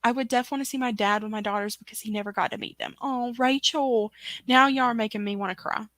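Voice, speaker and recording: A woman's voice: a little high, fairly even intonation, fast, fairly bright tone, dry recording. A woman hosting a casual livestream chat, reading viewer comments aloud in a chatty way. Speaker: book club host.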